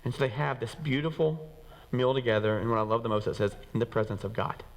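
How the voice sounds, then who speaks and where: A pastor preaching to his congregation at a rapid clip, lively and acting out what people say. His voice carries the long reverb of a church sanctuary. He swings his pitch up and down for emphasis. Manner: animated, acts out quoted voices, rises and drops in pitch. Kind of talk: sermon. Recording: reverberant hall.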